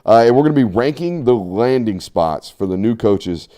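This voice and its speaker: A man's voice: mid-range voice, animated, normal speed, warm tone. A man hosting a casual sports show, joking and teasing his co-hosts.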